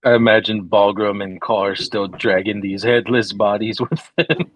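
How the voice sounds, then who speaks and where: A man's voice: on the low side, level tone, moderate pace, lo-fi sound, slight background noise. A man playing a tabletop game, describing his character's moves and joking with the group. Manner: joking, laughs often. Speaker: player. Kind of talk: casual tabletop play.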